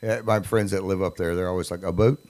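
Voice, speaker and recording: Deep-voiced folksy older man host. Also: fairly even intonation, fast, darkish tone. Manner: joking, folksy. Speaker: radio show host. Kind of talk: casual radio interview.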